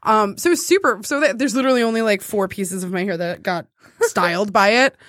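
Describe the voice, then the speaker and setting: A woman's voice: mid-range voice, a little fast, a bit bright, no echo, clean studio sound. A young woman in casual chat as a co-host, chatty and rambling, laughing often and restarting her sentences.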